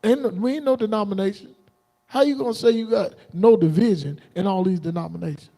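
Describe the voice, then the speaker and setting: Defiant preacher man, high and dark-toned. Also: brisk, creaky. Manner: defiant, combative, preachy with sudden high outbursts. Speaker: preacher streaming live. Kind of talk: livestreamed sermon rant.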